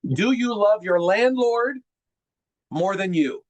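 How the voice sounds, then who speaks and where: A middle-aged man from New Jersey giving an animated, folksy seminar talk to a group on a video call. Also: high-pitched, slow, low-quality recording. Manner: animated, folksy, calls listeners gang. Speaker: mortgage presenter on a group call.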